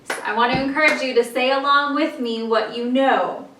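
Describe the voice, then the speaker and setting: A woman with a high, steady voice speaks at a moderate pace, patiently and encouragingly teaching a memory lesson in classroom style as she leads listeners through a rhythmic chant. The recording is echoey, with a distant mic and loud background noise.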